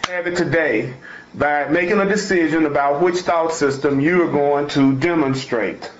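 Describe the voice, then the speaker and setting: A man gives a spiritual talk, repeating each point with emphasis and slipping into folksy turns of phrase. His voice sits somewhat high for a man. The recording is dull and lo-fi, with a roomy echo around him. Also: normal speed. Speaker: spiritual teacher. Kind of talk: spiritual talk, reading and explaining a text. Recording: echoey room, dull lo-fi sound.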